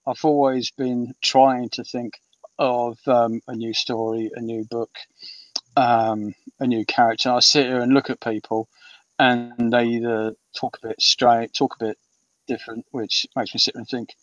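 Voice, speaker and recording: In a casual interview, a British man in his fifties, the author guest, speaks unhurriedly in a level, mid-range voice, meandering with many ums and restarts. The sound is muffled, distant and dry, with no echo.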